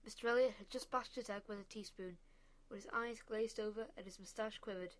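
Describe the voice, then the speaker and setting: A woman narrating a children's story in a measured, expressive way. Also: medium pitch.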